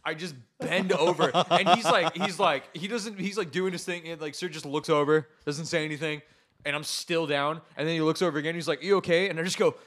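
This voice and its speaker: Young man, slightly high voice, casual chat, animated storytelling, laughing, loud acted-out quotes. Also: a little fast.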